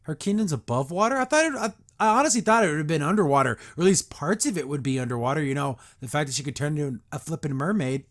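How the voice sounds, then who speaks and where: A man's voice: fairly high pitch, animated, quick pace, hardly any pauses, a bit bright. A man hosting a podcast, recapping and reacting to a cartoon episode in a sarcastic, exasperated rant.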